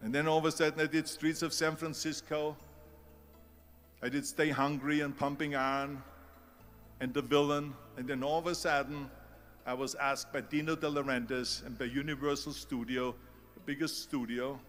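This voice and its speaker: A man's voice: on the high side, flat delivery, normal speed, a bit bright, soft background music. A man with a German accent giving a motivational speech, emphatic and repeating key phrases for effect. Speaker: public speaker.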